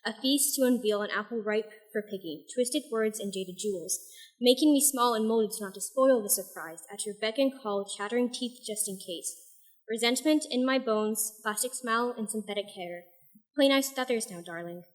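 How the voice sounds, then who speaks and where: A soft-spoken young woman shares her poems and a passage from her novel at an open mic, with a touch of self-deprecation between readings. She speaks at a moderate pace in a slightly high voice.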